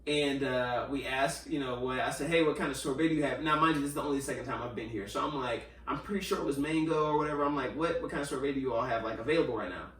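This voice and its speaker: A man's voice: mid-range voice, fast, hardly any pauses, distant mic. A man hosting a podcast, telling a story in casual chat, acting out the quotes with lots of fillers. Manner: animated storyteller, acts out quotes, many fillers. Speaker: podcast host. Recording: roomy sound, a little off mic.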